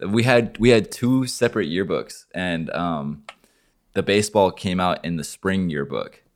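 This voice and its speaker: A young man from Oregon chatting on a podcast. His voice is very low, and he talks in a relaxed, offhand way with casual swearing. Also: a little slow. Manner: laid-back, swears casually. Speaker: podcast co-host.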